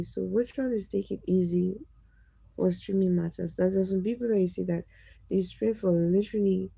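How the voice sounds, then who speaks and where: A woman's voice: lowish voice, creaky, warm tone, breathy edge, no echo, rough recording. A woman live-streaming, chatting casually with viewers, teasing them and laughing often as she reads their comments.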